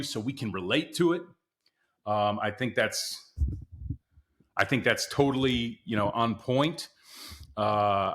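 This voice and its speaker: A man hosting a podcast, chatting in a loose and excitable way to his listeners. His voice sits at an ordinary, mid-range pitch for a man. He often calls out to his audience as guys. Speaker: podcast host. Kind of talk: casual solo commentary.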